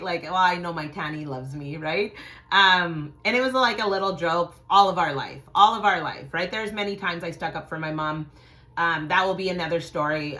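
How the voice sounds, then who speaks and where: Woman vlogger, middle-aged, low bright voice, profane, tells stories loudly and bluntly. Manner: blunt and profane, acts out quotes with sudden loud shouts. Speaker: channel host telling a personal story. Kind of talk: casual storytelling to viewers.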